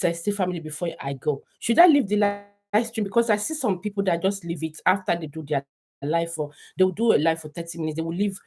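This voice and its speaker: A woman's voice: lowish voice, darkish tone. A Nigerian woman chatting casually to her viewers on a live stream, rambling and laughing often.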